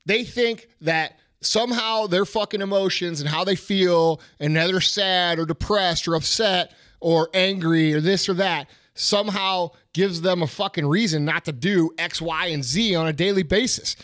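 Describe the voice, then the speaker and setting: Middle-aged guy on a podcast, kinda high voice, swearing a ton, fired up, dry close mic. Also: moderate pace, hardly any pauses, a bit bright, dry recording. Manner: blunt, profane, fired-up ranting. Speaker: podcast host. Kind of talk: casual podcast chat.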